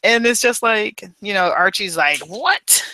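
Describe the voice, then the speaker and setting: A man's voice: sits high, normal speed, sharp tone, clear, resonant tone, dry recording, poor audio. A man co-hosting a podcast, summarizing a book in a loose, rambling way full of fillers. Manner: rambling and loose, with many fillers and casual paraphrase. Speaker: podcast co-host. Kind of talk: casual book review chat.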